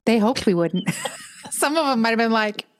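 A woman's voice: a little high, expressive, normal speed. A middle-aged woman co-hosting a podcast in casual, chatty conversation, telling stories with an exasperated edge. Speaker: podcast co-host. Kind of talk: casual chat.

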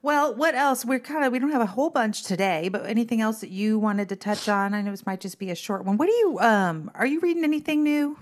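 A woman co-hosting a podcast in casual chat, reacting with quick exclamations and asking questions. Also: on the high side, animated. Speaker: podcast co-host.

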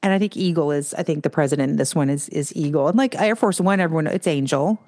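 A woman co-hosting a casual chat over a remote call, talking in an animated, storytelling way. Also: sits low, fast. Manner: chatty, animated storytelling with put-on quote voices.

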